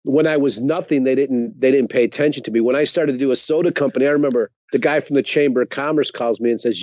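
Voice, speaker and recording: A man's voice: medium pitch, fast talker, few pauses, darkish tone, no echo, highs cut off. A man chatting casually as a podcast guest. He tells stories bluntly, swears, and repeats words for emphasis. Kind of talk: casual storytelling chat.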